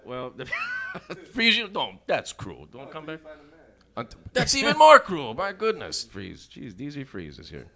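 A male podcast host with a bright, forceful tone and a slightly high voice. He jokes around loosely and laughs easily. His talk is casual, like banter between friends. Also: wildly swooping pitch, vocal fry. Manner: joking, loose, quick to laugh.

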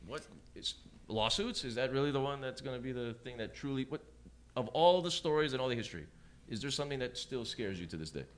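A podcast host asking questions in a casual, upbeat way, reacting with quick exclamations. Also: male voice, medium pitch, lively intonation. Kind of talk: casual interview chat.

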